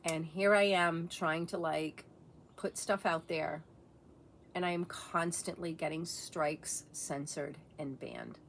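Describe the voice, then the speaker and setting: A woman's voice: low voice, fairly even intonation, slow, slight background noise. A middle-aged woman vlogger talking in a blunt, profane, impassioned monologue rant.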